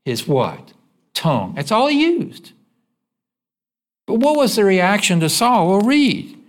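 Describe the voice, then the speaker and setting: Male pastor preaching in church, high voice with lively swings, folksy, keeps quizzing the pews. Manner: asks the congregation fill-in-the-blank questions; conversational, folksy, with quick repeats. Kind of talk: sermon.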